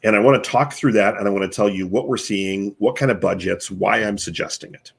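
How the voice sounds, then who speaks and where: A man with a somewhat low, husky voice walks a guest through his advice one numbered point at a time. He hosts a live online chat and sounds earnest and coaching rather than scripted. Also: brisk. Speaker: host and marketing consultant.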